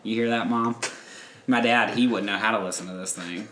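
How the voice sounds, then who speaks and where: Guy hosting a podcast, gossipy movie chat, bright tense voice, echoey room. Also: on the low side, a little fast, slight background noise. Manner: chatty, gossipy, animated storytelling. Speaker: podcast host. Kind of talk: casual chat, movie review.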